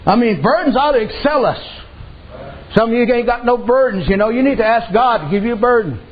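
Extremely high-pitched and expressive, this male preacher talks a little fast, delivering a folksy sermon in dialect as he tells stories. He keeps tossing in "amen" and "I said," captured on a dull lo-fi recording.

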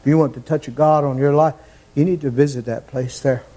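A man preaching a fervent sermon, repeating his phrases and climbing toward near-shouts. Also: mid-range voice, fairly even intonation, fairly quick.

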